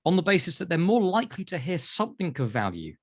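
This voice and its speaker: A British man, a therapist, telling animated stories in an interview and acting out voices. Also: high-pitched, fast talker, no echo, clean studio sound. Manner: acts out voices in anecdotes. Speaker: therapist guest.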